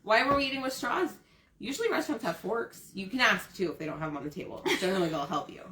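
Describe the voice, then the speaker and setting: A woman's voice: mid-range voice, expressive, fast talker, pushed and bright, recorded from a distance. A woman co-hosting a casual chat show, teasing and blunt, laughing while she talks. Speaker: podcast co-host. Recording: echoey room, off mic, crowd noise.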